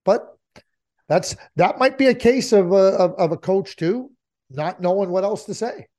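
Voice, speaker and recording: A hockey analyst with a high, expressive and warm voice gives his take on the sport in casual talk at a normal speed. He's emphatic and repetitive, hammering points again and often stammering and restarting his sentences.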